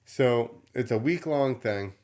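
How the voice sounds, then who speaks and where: A man hosting a podcast, telling a story in a casual, animated way, with swearing and laughter. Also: medium pitch, takes it slowly. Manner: animated, profane, laughs while telling stories. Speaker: podcast host.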